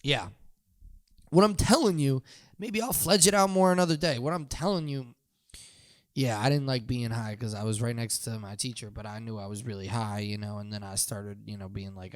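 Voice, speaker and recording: A young man hosting a podcast, telling a long rambling story full of "you know" and sudden loud drawn-out yells. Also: medium pitch, dry recording, studio quality. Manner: loose, meandering, swings into loud drawn-out yelled bits. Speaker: podcast host.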